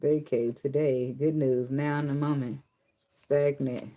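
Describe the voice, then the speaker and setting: A woman giving a casual tarot reading, joking and swearing freely and singing along softly between cards. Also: rumbling low, level tone, unhurried. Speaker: tarot reader.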